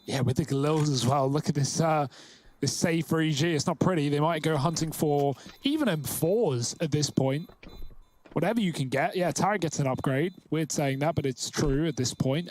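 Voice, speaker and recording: A man's voice: fairly high pitch, darkish tone. Guy casting a shooter match, talky tactical breakdown, faint hiss behind. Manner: quick, chatty, explains tactics. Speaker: esports caster. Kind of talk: live play-by-play commentary.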